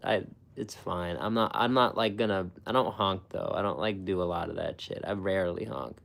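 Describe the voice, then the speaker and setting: A man chats loosely with his viewers, his voice sitting low and deep. He rambles, swears freely and breaks into laughter often, his talk full of "like" and restarts. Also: normal speed, creaky, fairly bright tone. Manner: rambling and profane, laughs often, many fillers. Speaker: food channel host. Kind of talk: casual live-stream chat with viewers.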